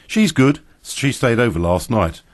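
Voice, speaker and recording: A man's voice: mid-range voice, sing-song, no room sound, clean studio sound, pitched above the performer's own voice. A man voicing a thoughtful, wary male character in a storybook reading. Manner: thoughtful, measured.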